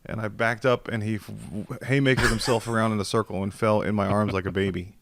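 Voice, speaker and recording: A man's voice: fairly low pitch, fairly even intonation, quick pace, vocal fry, noisy background. A man telling a long funny story in casual chat over a video call, acting out the quotes and laughing often. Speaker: podcast guest. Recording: dry video call audio.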